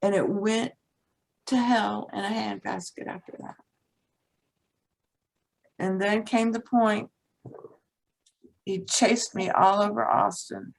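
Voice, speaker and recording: A woman's voice: medium pitch, steady tone, slow, vocal fry, pauses often, low-quality recording. A woman guest, a teacher and author, telling a personal story in conversation in a blunt, frank way and swearing casually.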